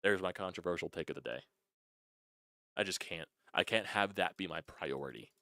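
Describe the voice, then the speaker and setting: A young man vents in a loose, frustrated fan rant, restarting words and swearing as he goes. His voice sits very low. The recording is dry and close, with no room echo. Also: moderate pace, bright, forceful tone. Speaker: sports channel host.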